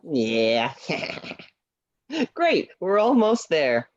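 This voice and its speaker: A woman's voice: deep voice, huge pitch swings, extremely slow, dull audio, pitched below the performer's own voice, heavily acted. A woman voicing a cheerful, patient teacher puppet who coaxes and encourages a friend, in a puppet show over a video call. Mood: encouraging. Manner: encouraging, upbeat, coaxing.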